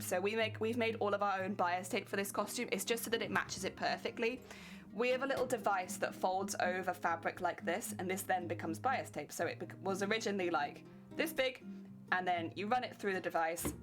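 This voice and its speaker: A woman's voice: medium pitch, brisk. Giggly British woman streaming with guitar music behind. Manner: giggly, chatty, thanks viewers by name. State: sleepy. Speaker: cosplay streamer. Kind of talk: casual live-stream chat while crafting. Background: guitar music playing.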